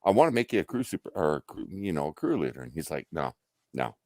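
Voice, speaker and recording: With a rumbling low voice and a quick pace, a middle-aged man tells work stories on his livestream, cursing freely and acting out people's quotes with animation. The recording is dry and studio quality.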